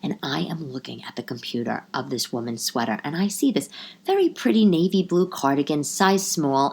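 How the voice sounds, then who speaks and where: Animated, profane woman podcast host. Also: deep voice, quick pace. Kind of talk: casual storytelling. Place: living room.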